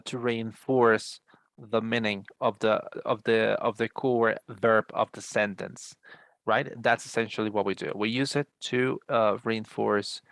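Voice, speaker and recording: Male teacher, gravelly voice, dry close sound, lecturing students over a video call. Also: fairly low pitch, fairly bright tone, no echo. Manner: repeats words, frequent "right?" checks. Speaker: English teacher. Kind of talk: online class explanation.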